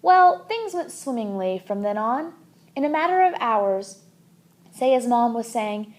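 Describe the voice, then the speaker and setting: A woman narrating a children's book aloud in an expressive, animated way. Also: on the high side, moderate pace. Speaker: audiobook reader.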